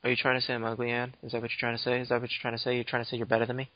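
A man's voice: mid-range voice, monotone, very fast, dry recording. Young guy podcast host, teasing and rambly, dry lo-fi sound. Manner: teasing, mock-offended, rambling. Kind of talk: casual banter. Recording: dull lo-fi dry audio.

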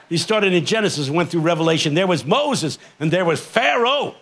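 Older guy preaching on a festival main stage, high voice, punchy rhythm, jokes and call-and-response bits. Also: expressive, a little fast, few pauses. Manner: rhythmic, humorous preaching that mimics a congregation's shouts.

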